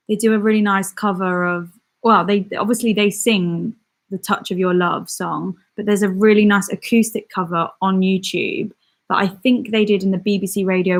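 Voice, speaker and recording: Giggly chatty young woman from Britain. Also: mid-range voice. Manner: chatty and giggly, with frequent ums and laughs. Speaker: YouTuber hosting a live stream. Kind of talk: casual live-stream chat reading viewer comments.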